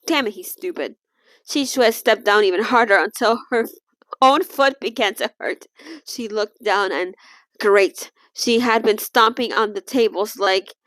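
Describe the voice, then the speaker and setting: A woman's voice: medium pitch, measured pace, a bit bright, no echo. A young adult woman casually reading a novel aloud, stumbling over words, restarting lines and breaking off to comment. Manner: stumbles and restarts, laughs and comments between passages. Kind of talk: casual read-along with asides.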